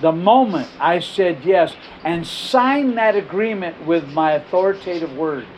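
Middle-aged man, pastor, storytelling sermon; slightly high voice, animated, repeats himself mid-phrase. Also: a little slow, a little hiss or hum, poor audio.

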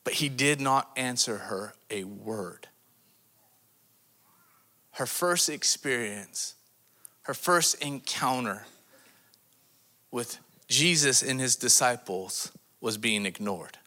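A man preaching a sermon as a missions pastor to a congregation, asking them rhetorical questions and swinging his voice dramatically in pitch and loudness. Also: expressive, slow pace, pauses often. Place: church service before a congregation.

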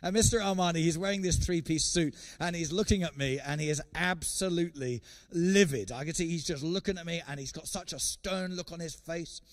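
A man preaching a sermon as an evangelist guest speaker, telling a story in an animated way and often repeating words. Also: fairly high pitch, fairly quick, few pauses. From England.

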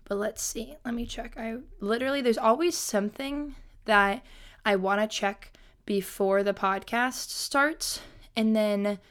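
A woman in her twenties hosting a solo podcast in a rambling, self-mocking way, her voice a little hoarse and scratchy as she keeps clearing her throat. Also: fairly high pitch, measured pace, fairly bright tone. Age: 20s. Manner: rambling, self-mocking, chatty with many fillers. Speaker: podcast host. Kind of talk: casual solo podcast chat.

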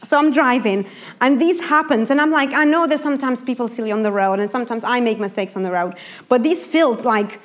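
A young woman giving a sermon, telling a personal story in a lively, animated way. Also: on the high side, fairly quick. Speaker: preacher.

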